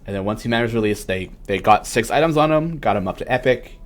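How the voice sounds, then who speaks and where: Man, lowish voice, casual stream host, loose chatty delivery, lots of fillers. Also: expressive, quick pace. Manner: loose and chatty, many fillers, reads viewer questions. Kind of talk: casual livestream chat.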